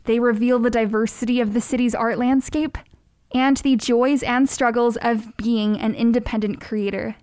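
Higher-voiced woman hosting an interview. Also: steady tone, moderate pace, darkish tone. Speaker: podcast interviewer. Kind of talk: scripted intro then interview questions.

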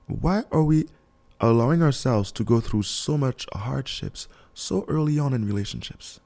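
A man's voice: mid-range voice, expressive, moderate pace, a little mellow. A young man hosting a radio advice show, talking casually in an emphatic, preachy and motivational way and chuckling often.

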